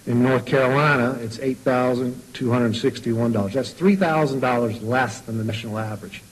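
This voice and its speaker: A man's voice: medium pitch, normal speed, slightly rough, poor audio. A man testifying to a state board, precise and factual as he recites funding statistics. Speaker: school superintendent.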